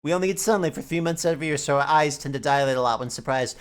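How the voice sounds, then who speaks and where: A woman's voice: deep voice, racing, pitched below the performer's own voice, natural voice. A woman putting on a goofy Canadian accent to voice a male judge, hammy and joking. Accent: put-on Canadian. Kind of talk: comic read-aloud of game dialogue.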